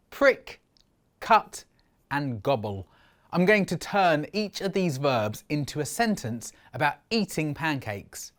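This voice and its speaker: A middle-aged man giving a lively poetry lesson for children, expressive and slowing down to sound out syllables. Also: fairly high pitch.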